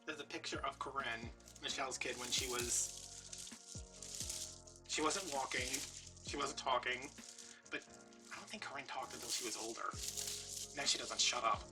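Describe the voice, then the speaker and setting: A man chatting in a rambling, filler-heavy way while he works on a craft project at home. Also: medium pitch. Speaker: crafting YouTuber. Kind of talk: casual chat while crafting. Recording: distant mic with soft background music.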